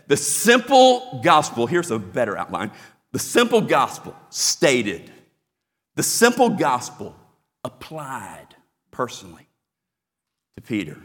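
Animated preacher in a reverberant hall. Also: male voice, medium pitch, takes it slowly, slightly rough. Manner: animated preaching with emphatic repetition. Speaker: pastor. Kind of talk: sermon.

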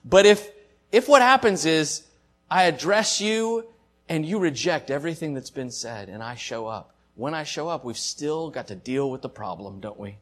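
A pastor delivers a heartfelt sermon, his fairly high voice rising to emphatic peaks and sinking to near hushed lows. He preaches earnestly, leaning into the words that matter most. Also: animated, moderate pace. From Southern United States. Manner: earnest, heartfelt preaching with swells and drops in loudness.

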